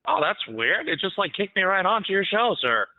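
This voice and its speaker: A man's voice: sits high, very animated, fairly quick, dry recording. A man in his thirties calling into a live stream, talking in a hesitant, unsure way. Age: 30s. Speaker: caller. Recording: dry tinny phone-like call.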